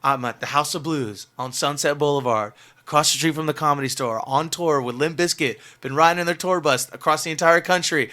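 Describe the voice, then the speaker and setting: A man talks quickly through a tour story, his bright, forceful voice sitting a little high. He is a guest on a radio show, telling it in a loose, animated way, with lots of "like" and "you know" and frequent laughter. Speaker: guest musician. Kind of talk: casual storytelling.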